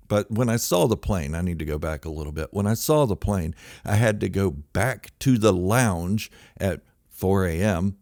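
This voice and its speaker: A man telling a funny true story in an excitable, exaggerated way, swinging between loud outbursts and low mutters. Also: no room sound, clean studio sound. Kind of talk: comic true-story monologue.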